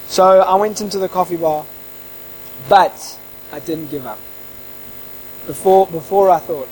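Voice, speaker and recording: A man who interviews people, telling a casual anecdote in an animated way and acting out the dialogue. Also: a little high, normal speed, long pauses, a little hiss or hum, rough recording.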